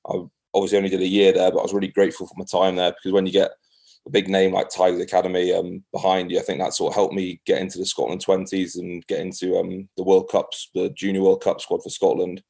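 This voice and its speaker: A young Englishman on a podcast with a deep voice and a gravelly, fry-laden edge. He talks in an even, level way without much rise and fall. His manner is easygoing and self-deprecating, with laughs dropped in along the way. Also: fast. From England. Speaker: podcast guest, rugby player. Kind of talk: casual chat.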